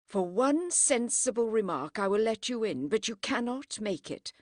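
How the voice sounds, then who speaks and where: A woman reading a firm, proud Edwardian lady who speaks crisply and does not yield. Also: on the high side, very animated, normal speed, darkish tone, dry recording, clean studio sound, pitched above the performer's own voice. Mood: defiant. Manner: crisp and unyielding.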